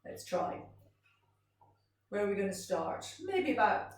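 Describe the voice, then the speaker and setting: Gentle sing-song woman teaching in a roomy space. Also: medium pitch, big pitch swings, a little slow, far from the mic. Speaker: music teacher. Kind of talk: children's vocal warm-up lesson. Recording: roomy sound from off-mic.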